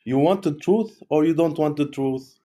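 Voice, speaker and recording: A man's voice: on the high side, normal speed, dark tone. A man in an online voice chat, talking casually and pushily, calling everyone "bro". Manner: casual, says "bro" constantly, pushy. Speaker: debate participant.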